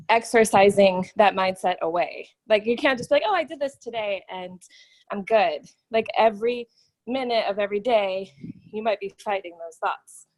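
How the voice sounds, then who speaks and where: A woman's voice: medium pitch, rough recording. Breathless woman speaking while exercising. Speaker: study group participant.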